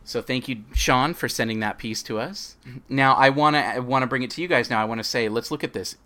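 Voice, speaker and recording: A man's voice: medium pitch, brisk, sharp tone. A man hosting a podcast, chatting casually and reading a story aloud. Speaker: podcast host.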